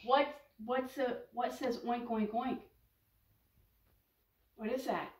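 A woman's voice: fairly high pitch, fairly even intonation, takes it slowly, a little mellow, slight background noise. An older woman leading small children through a farm-animal sing-along, asking patient, coaxing questions. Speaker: guest reading to children. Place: library. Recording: echoey room, far from the mic.

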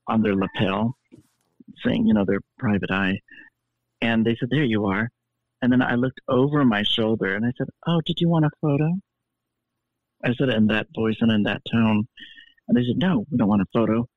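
A man spins a story in a flamboyant, theatrical manner, his voice thin and tinny as if coming through a phone line. The sound is dry, with no room around him, and his pitch sits at an ordinary middle for a man. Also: no echo. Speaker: podcast guest. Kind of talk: animated storytelling.

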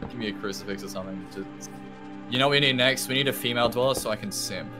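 A man's voice: mid-range voice, fast. A man chatting casually while playing a game with friends, joking and yelping when startled. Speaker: gamer. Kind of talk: casual gaming chat. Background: game music.

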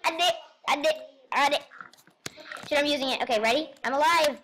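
A girl with a high voice teases her friend as they play, mixing in silly playful sounds. A steady noise sits clearly under her voice. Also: fairly quick. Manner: playful, teasing, meows for fun. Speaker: gamer. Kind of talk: casual gaming chatter. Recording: home mic with steady noise.

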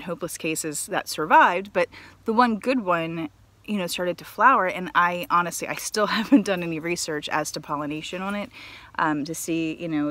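A woman with a slightly low voice chats excitedly while walking through her home garden. Her talk is loose and casual, full of "um" and "you know". She sounds like she is filming herself outdoors. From United States. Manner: chatty and excitable, with fillers. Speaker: gardening vlogger.

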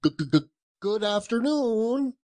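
A man voicing a grumpy, scornful old miser in a storybook reading, with drawn-out, high, strained retorts. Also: animated, darkish tone. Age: older. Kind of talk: audiobook character voice.

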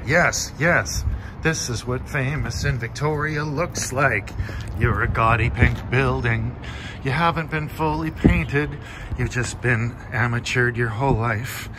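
A man rambling through a jokey, absurd street vlog outdoors, swearing and breaking into sudden squeaky outbursts. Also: a little slow. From Canada. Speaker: vlogger. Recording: outdoor street noise and traffic.

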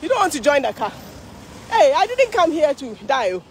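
A woman's voice: high voice, big pitch swings, brisk, a little hiss or hum. A Ghanaian woman vlogging live while walking along a street parade, tired from the walk, chatty and exclaiming. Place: outdoor city street at a parade.

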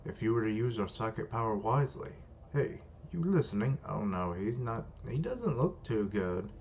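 A man's voice: fairly low pitch, big pitch swings, normal speed, darkish tone. A man voicing a smug, scheming male spirit, reading comic dialogue aloud in a coaxing, persuasive way. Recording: dull lo-fi, faint hiss.

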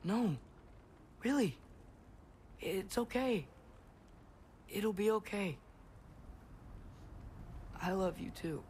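A man voicing an earnest, brave teenage boy hero in a video game, speaking softly and sincerely. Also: sits high, lively intonation, drawn-out words, pauses often, a little hiss or hum, heavily acted. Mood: tender. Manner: soft-spoken, sincere.

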